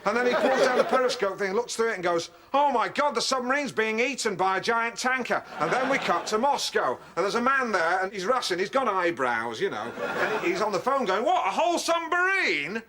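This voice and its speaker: An actor playing a pompous, excitable male TV presenter in a sitcom scene, blustering as he acts out stories and sings along. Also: high voice, fairly quick, few pauses, noisy background.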